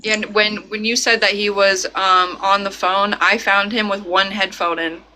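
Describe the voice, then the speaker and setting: A woman on a live stream reading, earnestly explaining details with some halting. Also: mid-range voice, little pitch movement, bright, forceful tone, slight background noise, low-quality recording. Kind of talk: casual live-stream talk.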